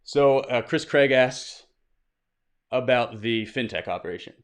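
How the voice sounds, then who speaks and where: In a mid-range voice at a slightly slow pace, the host of a weekly crypto livestream runs a casual Q&A, cheerfully greeting viewers by name, reading their questions out and answering conversationally on the spot.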